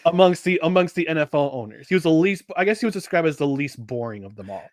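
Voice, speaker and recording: Male podcast co-host, slightly high voice, rambling and casual, dry sound. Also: animated, fast talker, dry recording. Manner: rambling, many restarts and fillers. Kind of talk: casual sports chat.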